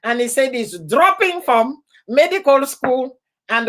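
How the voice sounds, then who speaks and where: A woman hosting a casual live stream, laughing often and heartily as she chats and repeats her warm goodbyes and thank-yous. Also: high voice, lively intonation, a little slow.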